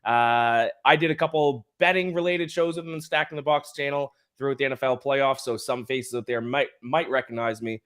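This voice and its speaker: A man with a Canadian accent, hoarse from the flu, chatting casually as a podcast co-host. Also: mid-range voice, fairly quick, hardly any pauses. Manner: chatty, self-deprecating, stammers when excited.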